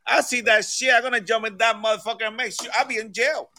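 A man's voice: very high-pitched, fairly even intonation, fast talker, bright, forceful tone, dry recording, studio quality. A man on a casual podcast panel, heated and swearing freely.

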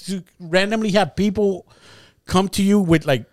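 A man's voice: sits high, no room sound, clean studio sound. A man co-hosting a casual podcast, talking bluntly with a lot of swearing. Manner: blunt, profane, quick interjections. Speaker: podcast co-host.

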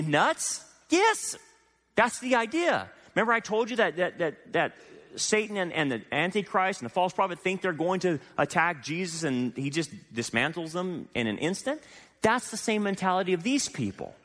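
A man preaching a sermon as pastor, animated and full of rhetorical questions to his congregation. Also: on the high side. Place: church sanctuary. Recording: long hall reverb.

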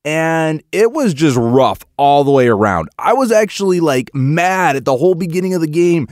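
A man co-hosting a casual sports chat, excitable and swinging between frustration and hype as he recaps a game. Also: a little high, normal speed, few pauses, dry recording, studio quality. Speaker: sports podcast co-host.

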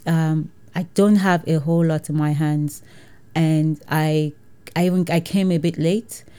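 A woman from Nigeria, a guest in an interview, telling her story in a lively way and laughing often. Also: low voice, measured pace, clean tone. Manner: lively, laughs often, acts out quoted people. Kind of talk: conversational storytelling.

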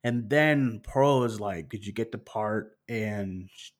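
A man's voice: lowish voice, slow. A man casually recapping a horror film with a co-host, acting out scenes with plenty of fillers. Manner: animated storytelling, acting out scenes, frequent fillers. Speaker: podcast co-host.

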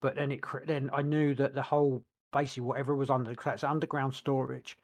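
A man's voice: mid-range voice, flat delivery, fast talker. A man co-hosting a podcast, rambling and searching for words with many restarts. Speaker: podcast co-host. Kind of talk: casual chat.

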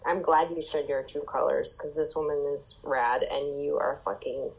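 Husky low-voiced woman guest, easygoing banter. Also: steady tone, poor audio. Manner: agreeable, laughing, quick to chime in. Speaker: podcast guest. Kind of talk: casual chat.

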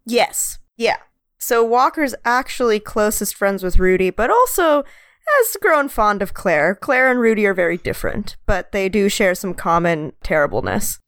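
A woman's voice: medium pitch, very animated, normal speed, fairly bright tone, clear, resonant tone, no echo, studio quality. A woman playing a tabletop role-playing game, in a playful and amused way. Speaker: player.

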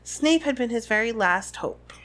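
A woman co-hosting a casual book podcast, reading passages aloud and reacting with animated comments. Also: fairly high pitch, normal speed. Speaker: podcast co-host. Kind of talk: casual book recap chat.

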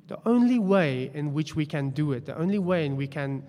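A man's voice: a little high, animated, a little fast, mellow. A man preaching a sermon, telling a story in a chatty, self-deprecating way. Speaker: pastor. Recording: long hall reverb.

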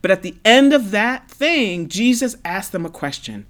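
A woman's voice: mid-range voice, big pitch swings, moderate pace, fairly bright tone. A woman in her fifties from Brooklyn, New York, a parent and podcast guest. She tells her story earnestly and from the heart, often restarting and repeating for emphasis. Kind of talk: casual conversational storytelling.

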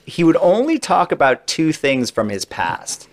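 A man's voice: a little high, wildly swooping pitch, unhurried. A man on a podcast, chatting casually as a guest and telling long stories about interviews he has done, with lots of asides. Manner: chatty, rambling, many asides. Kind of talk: casual anecdotal storytelling.

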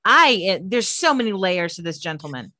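A woman co-hosting a podcast, reacting with quick jokes and teasing comments. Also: medium pitch, sing-song, sharp tone, dry recording, clean studio sound. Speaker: podcast co-host. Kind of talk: casual chat.

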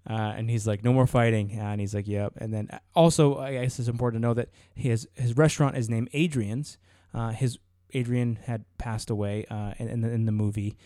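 Male podcast co-host, rambling and keen, mellow tone, dry close sound. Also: medium pitch, steady tone, brisk, hardly any pauses, no echo. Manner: rambling, many fillers and restarts, enthusiastic. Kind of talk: casual chat.

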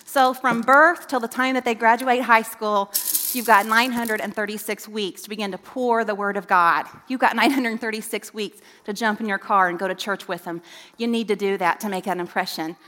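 A woman's voice: mid-range voice, fairly even intonation, moderate pace, sharp tone, a little hiss or hum. A middle-aged woman, a children's ministry director, giving an earnest, emphatic talk to parents in a church, turning to quiz the kids now and then. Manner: earnest, emphatic preaching with rising questions to kids. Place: church sanctuary. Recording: long reverb in a church hall.

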